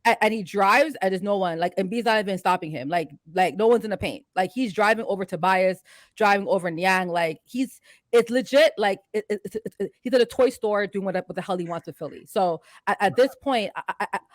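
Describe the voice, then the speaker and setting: A woman guesting on a casual sports podcast, talking fast and emphatically with lots of "like" and restarts. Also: mid-range voice, no echo, studio quality. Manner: fast, emphatic, many repeated starts and "like"s.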